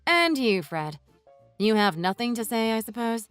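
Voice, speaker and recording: A woman voicing a furious wife in a text-message story, who talks in a sharp, sarcastic, cutting way. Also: on the high side, very animated, measured pace, clear, resonant tone, no echo, faint music behind. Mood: scornful. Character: furious wife confronting her in-laws.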